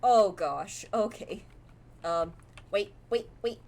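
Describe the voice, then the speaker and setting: A woman's voice: medium pitch, animated, slow pace, darkish tone. A woman commentating as she plays a horror game, chatting to viewers and often startled into gasps and exclamations. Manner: jumpy and easily startled, gasping and exclaiming; chatty, talks to viewers while reading aloud. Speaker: gamer playing a horror game. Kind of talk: live gameplay commentary.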